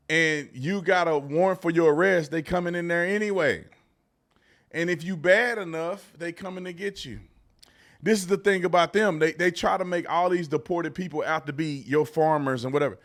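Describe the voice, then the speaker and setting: Mocking man with speech. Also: moderate pace. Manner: mocking, animated, swings from low mutters to shouts. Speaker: political commentary host. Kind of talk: casual reaction commentary.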